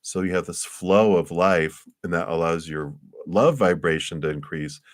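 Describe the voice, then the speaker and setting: A man's voice: sits low, normal speed, no echo, studio quality. A man giving a live tarot reading, speaking in an encouraging, rambling way, often chuckling and restarting his sentences. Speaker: tarot reader.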